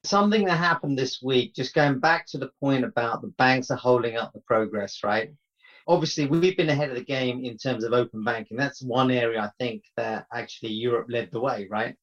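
A man's voice: mid-range voice, a little fast, a bit bright. A man in a podcast discussion, arguing his points and tagging them with questions. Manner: tag questions, argumentative, ends points with "right?". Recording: dull lo-fi audio.

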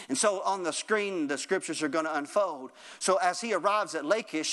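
A man's voice: high-pitched, a bit bright. A man preaching a sermon, working in rhythmic repeated phrases and calling out to the congregation, building to a fervent raised delivery. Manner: rhythmic repetition, calls out to the congregation.

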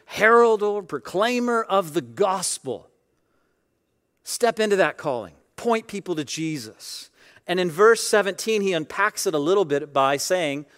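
A man preaching a sermon in a relaxed, chatty way. His voice sits a little higher than most men's. It jumps between hushed asides and loud, emphatic peaks as he makes his points. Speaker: pastor.

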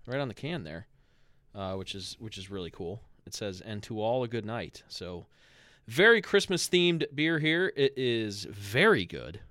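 Low-voiced man hosting a podcast. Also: normal speed, no room sound, studio quality. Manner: relaxed, rambling, with fillers and self-corrections. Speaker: podcast host. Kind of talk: casual podcast chat.

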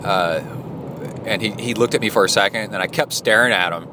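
A man's voice: fairly low pitch, a little fast, noisy background. A man, rambling and chatty as he records a casual training-log monologue into his phone in a locker room. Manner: rambling, chatty storytelling with many fillers. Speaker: podcast host.

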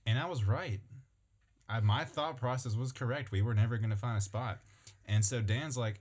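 A young man chatting casually, telling a story with lively acted-out quotes and frequent laughter. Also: medium pitch, moderate pace. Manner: animated storyteller, acts out quotes, laughs often. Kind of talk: casual chat.

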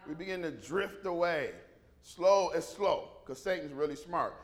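A man's voice: on the high side, a little slow. A male pastor preaching a sermon, telling the story with animation and many restarts.

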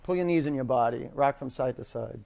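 A man's voice: mid-range voice, brisk, gravelly, darkish tone. A man teaching a power yoga class in a studio, calling out counts and cues and telling rambling stories between poses.

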